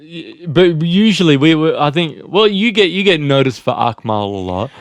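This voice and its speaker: Smooth-voiced man reminiscing. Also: on the high side, animated, moderate pace, no echo. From Australia. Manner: recalls shared stories, many restarts. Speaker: comedian podcast co-host. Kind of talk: casual chat.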